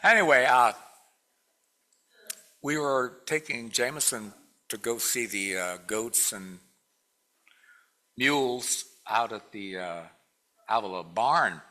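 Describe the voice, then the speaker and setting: A man's voice: medium pitch, animated, takes it slowly, pauses often, pushed and bright. A man giving a casual, rambling talk to a spiritual community, full of fillers and restarts and often laughing. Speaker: guest speaker at a spiritual community.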